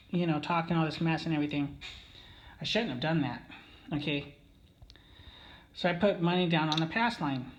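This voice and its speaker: A man's voice: a little high, a bit bright, muffled recording, a little hiss or hum. A man telling a casino story in a rambling way, with many fillers and restarts, often checking in with "okay?". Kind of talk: casual storytelling monologue.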